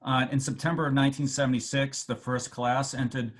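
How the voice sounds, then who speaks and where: A man with a Boston accent giving a halting speech over a video call to alumni, with many fillers and restarts. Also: mid-range voice, level tone. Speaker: medical school dean addressing alumni.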